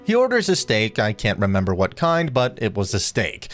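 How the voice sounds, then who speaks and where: A man's voice: lowish voice, huge pitch swings, moderate pace. A man reading a first-person story as scripted narration. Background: faint music.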